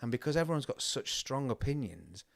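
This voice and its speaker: A man chats as a podcast guest, getting animated and circling back over his words with plenty of restarts. His pitch sits in the middle for a man. The recording is close and dry, with no room sound around him. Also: fairly quick, creaky, dry recording. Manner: animated, rambling with many restarts. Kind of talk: casual chat. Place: indoors on a converted bus.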